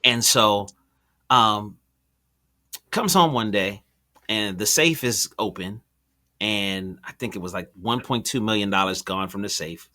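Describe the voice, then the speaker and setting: A man with a somewhat low but forceful, bright-edged voice, talking as a show host. He tells stories in a relaxed, conversational way, slangy and animated, with plenty of ums and restarts. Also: measured pace, long pauses. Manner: animated, slangy storyteller with many fillers and restarts. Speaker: podcast host. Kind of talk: casual conversational storytelling.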